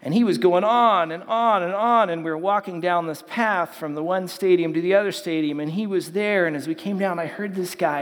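A man preaching a casual, story-driven sermon to young people, acting out the voices of people he quotes. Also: a little high. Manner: conversational storytelling, acts out quotes. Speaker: youth pastor. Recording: long hall reverb.

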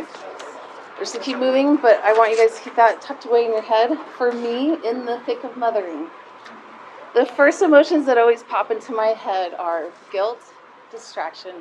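A woman's voice: on the high side, moderate pace, a little mellow, a little hiss or hum, low-quality recording. A middle-aged woman giving a heartfelt, conversational personal talk to a live group of mothers, close to tears at times.

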